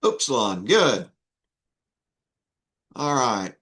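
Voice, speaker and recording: Slow, patient male Greek teacher. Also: medium pitch, big pitch swings, a bit bright. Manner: slow, patient, with many fillers and restarts. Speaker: Greek instructor. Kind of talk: online class teaching.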